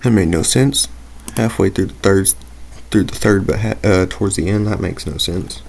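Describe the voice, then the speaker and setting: A man's voice: sits low, moderate pace, vocal fry, darkish tone. A young man giving casual gameplay commentary, rambling into tangents and talking himself through his choices. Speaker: gaming video creator.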